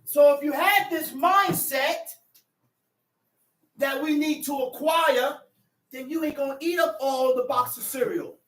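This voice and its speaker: A man preaches a sermon with fervor and a high-pitched voice, at times shouting and near tears. He sounds echoey and distant from the mic. The room reverb is strong. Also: a little slow.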